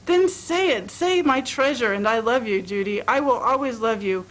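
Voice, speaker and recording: A woman's voice: a little high, normal speed, a bit bright, rough recording. A woman reading aloud and voicing a tired, lovesick young woman who pleads emotionally.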